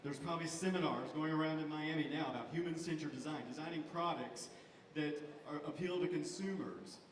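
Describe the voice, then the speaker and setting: A man giving a lively stage pitch for his theater company, leading the audience in call-and-response. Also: a little fast. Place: large hall with an audience. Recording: echoey hall recorded from far off.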